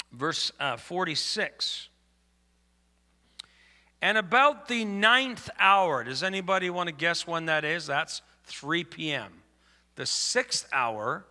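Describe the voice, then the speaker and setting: A man's voice: a little high, pushed and bright, long reverb tail. A man preaching a sermon as pastor, conversational and asking the congregation for amens. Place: church.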